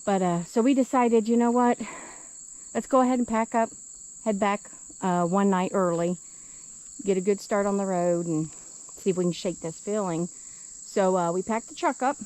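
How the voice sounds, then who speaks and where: A woman's voice: medium pitch, moderate pace, pauses often, a little mellow, low-quality recording. A woman vlogger telling a story outdoors in the woods by a truck, casual and hesitant, with lots of ums. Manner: hesitant, with many ums and uhs.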